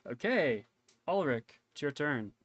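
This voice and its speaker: A man running a tabletop game as game master, relaxed and joking with his players. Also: fairly high pitch, measured pace, highs cut off, slight background noise.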